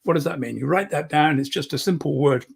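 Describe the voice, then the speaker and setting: A speaking coach teaches public speaking in an online lesson, showing how to shift volume and emphasis close to the microphone, which moves in and out. His voice is on the high side, a little fast, husky, with vocal fry.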